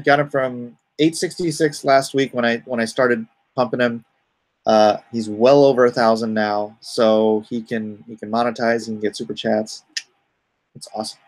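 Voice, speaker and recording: Middle-aged male stream host, gravelly voice at a mid pitch, rambling casual chat, reads viewer comments aloud. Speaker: comic artist hosting a live stream.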